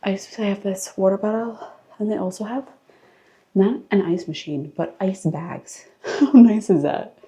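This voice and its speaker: A woman vlogger films herself touring a resort, walking through indoor rooms while chatting casually and exclaiming at what she sees. Her voice is medium-pitched, warm, and a bit breathy, and she speaks a little slowly.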